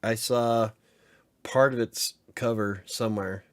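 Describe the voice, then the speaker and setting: A man's voice: fairly low pitch, fairly even intonation, slow pace. A man co-hosting a podcast, chiming in with laid-back casual comments. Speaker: podcast co-host. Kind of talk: casual chat.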